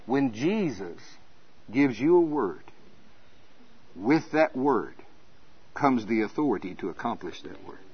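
Man, preacher, sermon, animated storytelling, lively high pitch, muffled sound. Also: measured pace, long pauses, slightly rough. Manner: animated storytelling, laughing often.

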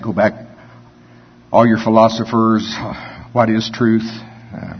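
A man preaching a sermon in a folksy way, reading scripture slowly and building to emphatic points. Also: lowish voice, husky. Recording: dull lo-fi recording with long reverb.

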